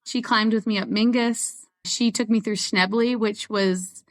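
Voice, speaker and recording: A woman's voice: medium pitch, fairly even intonation, measured pace. A woman who is a guest on an interview show, telling stories in a chatty way and laughing often. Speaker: guest ultrarunner. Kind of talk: casual interview chat.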